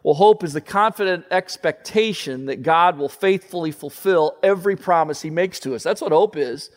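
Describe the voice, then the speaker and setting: A man preaching a sermon as pastor, earnest, often repeating words and dropping to a soft voice. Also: on the high side, normal speed, in a large hall.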